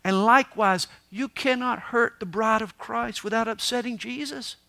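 High-pitched, bright-voiced male preacher. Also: normal speed, vocal fry. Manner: dramatic preaching, swings from loud to hushed. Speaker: pastor. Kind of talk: sermon.

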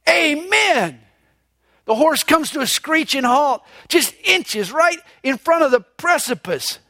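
Male pastor, sermon delivery: lively, emphatic, unhurried, dry close sound. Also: very high voice, no room sound. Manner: animated, emphatic preaching. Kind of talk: sermon with humorous anecdote.

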